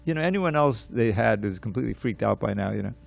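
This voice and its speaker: Man, scripture class speaker, animated storytelling, raspy gravelly voice, dry recording. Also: on the low side, fast talker, no room sound. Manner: animated, repetitive storyteller with many restarts.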